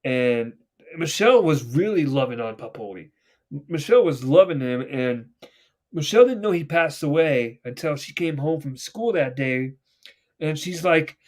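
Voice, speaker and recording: Animated, higher-voiced man retelling TV scenes. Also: moderate pace. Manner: animated storytelling, swearing, acting out characters. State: getting choked up. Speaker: podcast host. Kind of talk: casual chat.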